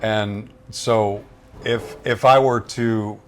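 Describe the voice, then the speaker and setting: A middle-aged radio voice-over artist from Louisiana, USA, tells stories casually during an interview, chatty and rambling with frequent restarts. His fairly low voice holds a steady tone and moves very slowly, with a little hiss or hum in the audio.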